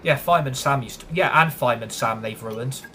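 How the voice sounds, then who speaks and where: A young British gaming streamer gives live commentary on a racing game, chatting casually and grumbling and swearing when frustrated. His mid-range voice is brisk and bright, with a forceful tone. There is a little hiss or hum.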